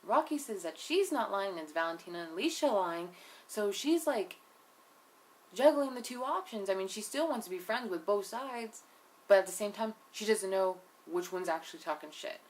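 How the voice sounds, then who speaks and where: With a medium-pitched voice, lively intonation and a normal speaking speed, a young woman reviewer runs through a reality show episode. Her recap is casual, opinionated and profane, peppered with "like" and "you know," and she throws in blunt asides.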